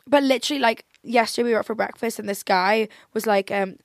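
Chatty young woman, gravelly fry. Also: on the high side, fast talker, no echo, clean studio sound. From England. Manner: chatty, many fillers like "like" and "um". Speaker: podcast host. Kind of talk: casual chat.

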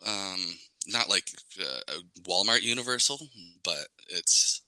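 A man's voice: low-pitched, expressive, unhurried, pushed and bright, no echo, poor audio. A young man in his twenties, a guest in a casual interview, rambling with lots of "like" and "um". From Canada, Ontario. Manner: rambling, many "like" and "um" fillers.

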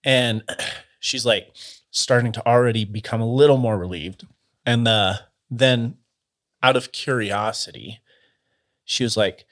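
A man with a somewhat low voice recounts a story in a casual, conversational way. His delivery is loose and halting, packed with filler words and restarts as he works through each moment. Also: fairly bright tone.

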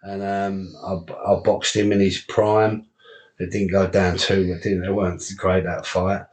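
A man, a boxer and promoter, telling rough fight stories in a casual interview, swearing often and laughing along. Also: low voice, level tone, unhurried. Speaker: guest, unlicensed boxer and promoter.

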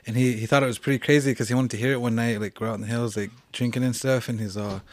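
A young man from a reservation tells ghost stories on a podcast. He talks fast in a loose, rambling way, piling up fillers and starting sentences over. His voice is mid-pitched. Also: steady tone. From Cheyenne reservation, United States. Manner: rambling, many "like" fillers and restarts. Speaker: podcast guest. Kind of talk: casual storytelling.

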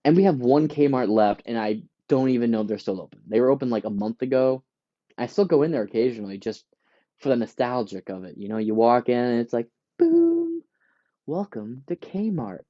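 A podcast host, ranting casually and profanely, acting out quick voices for companies and shoppers. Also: male voice, mid-range voice, dull audio. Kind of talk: casual rant.

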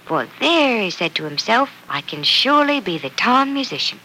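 A woman's voice: on the high side, very animated, normal speed, sharp tone, slight background noise, poor audio. A young woman playing a kind bride-to-be who patiently reads a fairy tale to a little girl, in 1940s radio-play acting. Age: young adult. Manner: patient, reading a story aloud.

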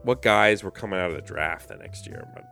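A man's voice: deep voice, huge pitch swings, fairly quick, gravelly, pushed and bright, soft background music. A man co-hosting a podcast in casual trivia chat, his voice strained and worn out. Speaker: podcast co-host.

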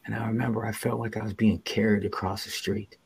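A man telling his own recovery story as a podcast guest, earnest and halting, with many restarts and dips to near whispers. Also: fairly low pitch, little pitch movement, gravelly, darkish tone, husky. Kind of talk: personal storytelling in an interview.

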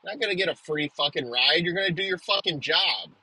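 A man's voice: fairly high pitch, lively intonation, fast talker, sharp tone, slightly rough, dry recording, low-quality recording. A man delivering an aggressive comedic rant, swearing nonstop and hurling insults.

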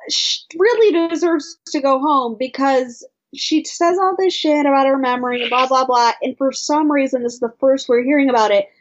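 Higher-voiced woman co-host, dull audio. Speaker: podcast co-host. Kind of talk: casual recap chat.

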